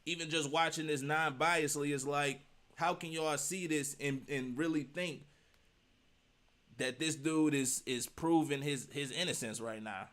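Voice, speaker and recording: A man's voice: a little high, a little slow, fairly bright tone. Emphatic man reacting to a video. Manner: emphatic, repetitive, slangy, rhetorical questions. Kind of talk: casual reaction commentary.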